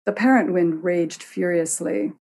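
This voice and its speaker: A woman narrating a story in an expressive, measured reading. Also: fairly low pitch, a little hiss or hum.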